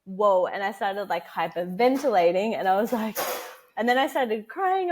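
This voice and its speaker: A woman's voice: fairly high pitch, animated, measured pace, a little hiss or hum. A woman in her thirties, a podcast guest, chatting casually and laughing often as she acts out the people in her story. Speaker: podcast guest, motherhood educator.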